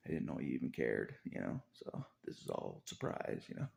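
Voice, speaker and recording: A very low, gravelly man's voice, dark in tone, rising and falling widely as he talks. He rambles through a confessional monologue, circling back to the same phrases and chuckling softly between thoughts. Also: wildly swooping pitch, moderate pace.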